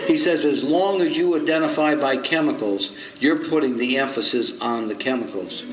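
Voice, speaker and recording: At a recovery meeting, a speaker in his seventies animatedly recounts stories, playing both parts of the dialogue with lively shifts in his voice. He has a medium-pitched voice and keeps a moderate pace. It's recorded in an echoey hall with some faint noise.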